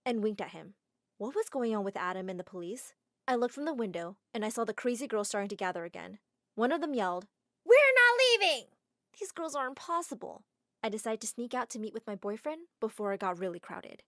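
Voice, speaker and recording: A woman narrating a first-person animated drama story in an expressive, dramatic way. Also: medium pitch, fast talker, dry recording, clean studio sound.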